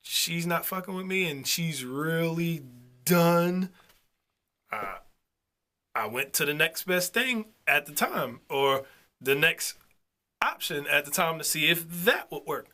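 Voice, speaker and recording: A man's voice: a little high, expressive, takes it slowly, pushed and bright. A young man co-hosting a couple's vlog in casual chat, teasing and argumentative, often repeating his words.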